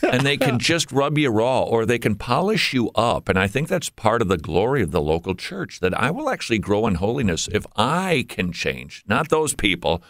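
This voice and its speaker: A man from Minnesota, a guest on a ministry program, quick-witted and joking, then earnest when he explains his views. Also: medium pitch, big pitch swings, a bit bright, no echo, clean studio sound. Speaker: guest, Christian radio host. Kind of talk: conversational interview.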